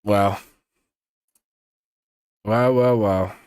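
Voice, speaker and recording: A man hosting a live race watch-along, reacting with loose, slangy excitement and wrapping up the coverage. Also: on the low side, very slow, clear, resonant tone, no room sound, clean studio sound. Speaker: host.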